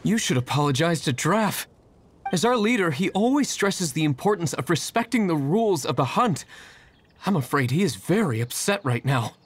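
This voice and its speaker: Stern female hunter, husky, lowish, firm, scolding, lively intonation, video game. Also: moderate pace, heavily acted. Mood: reproachful. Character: stern adult female hunter, principled and protective.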